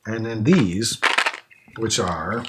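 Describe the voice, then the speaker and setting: A man's voice: on the low side, drawn-out words, background noise. A man co-hosting a podcast, casually tasting snacks and describing the flavors step by step in a musing way. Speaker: podcast co-host.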